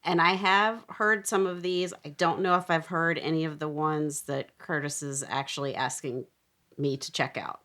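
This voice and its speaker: A woman with a notably low voice chatting on a podcast. She talks in a dry, skeptical, teasing way. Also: fairly even intonation, normal speed, fairly bright tone. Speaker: podcast co-host. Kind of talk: casual chat.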